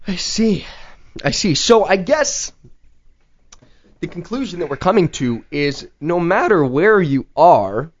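Man, casual co-host, slightly high voice, rambling questioner, lo-fi sound. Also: sing-song, slow pace. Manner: rambling, heavy use of "like", questioning. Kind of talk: casual chat. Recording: slightly dull lo-fi recording.

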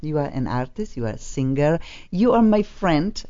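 A woman's voice: sits low, big pitch swings, moderate pace, mellow, highs cut off. A woman with a foreign accent hosting a casual radio talk show, chatty and effusive as she introduces her guests. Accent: foreign accent in English. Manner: chatty and effusive, laughs often.

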